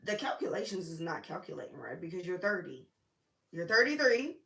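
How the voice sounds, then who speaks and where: A woman preacher talks through scripture in a loose, chatty, sassy way. Her voice sits a little low, and it rings in a roomy, echoing space. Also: quick pace, gravelly, a little hiss or hum. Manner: chatty, animated, sassy asides. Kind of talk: casual Bible teaching.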